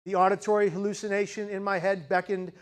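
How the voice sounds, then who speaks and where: In front of a live audience, a high-voiced man giving the keynote shares a gripping personal story with a flat delivery. He is dramatic nonetheless, building to intense peaks before dropping into hushed, slow emphasis, and he frequently poses rhetorical questions to the crowd.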